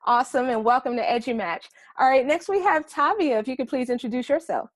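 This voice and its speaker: A woman's voice: high-pitched, quick pace, no echo, studio quality. A woman hosting a podcast panel in an upbeat, enthusiastic way, speaking over a video call. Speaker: panel host.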